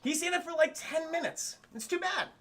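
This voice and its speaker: A man streaming a spoiler-heavy film recap to his live chat, excitable and profane, laughing often and acting out the characters' lines. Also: extremely high pitch, moderate pace, slight background noise. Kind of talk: animated spoiler recap with quoted character voices.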